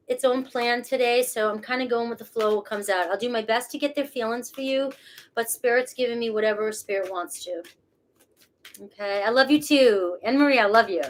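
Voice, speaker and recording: A woman's voice: a little high, slight background noise. A woman with a Boston accent, reading tarot cards live in a casual, chatty way and swearing freely. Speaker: tarot reader.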